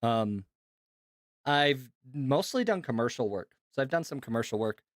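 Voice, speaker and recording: A man's voice: medium pitch, animated, normal speed, no room sound, clean studio sound. A man who works as a voice actor, rambling easygoing to his chat during a live stream.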